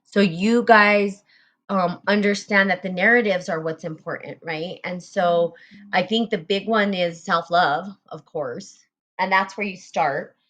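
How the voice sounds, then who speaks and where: A woman's voice: lowish voice, unhurried, a bit bright. A woman hosting a spiritual group talk, speaking earnestly about self-love, repeating phrases and using fillers. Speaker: podcast host.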